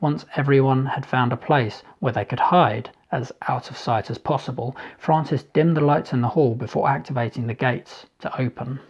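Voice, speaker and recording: A man, the author, reading his novel aloud in a measured, steady storytelling manner. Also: medium pitch, slightly rough, muffled recording. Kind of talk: scripted narration.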